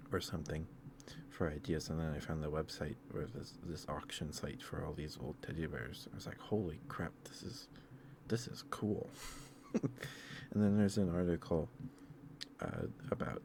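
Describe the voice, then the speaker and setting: A man rambling in a soft, hesitant ASMR stream, with many pauses and fillers. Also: rumbling low, vocal fry, noisy background.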